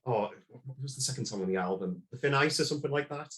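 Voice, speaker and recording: A man's voice: mid-range voice, lively intonation, fast, a bit bright. A man as a podcast guest, talking about a film and album in a casual, rambling way with lots of fillers.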